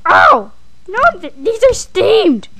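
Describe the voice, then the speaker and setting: Lady doing a squeaky pushy customer dude in a lego skit, super high and swoopy, drawn-out whines. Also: sing-song, slight background noise, heavily acted, rough recording. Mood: insistent, whiny. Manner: whiny, insistent, yelling. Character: stubborn shrill male grocery shopper. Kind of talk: homemade comedy skit voice acting.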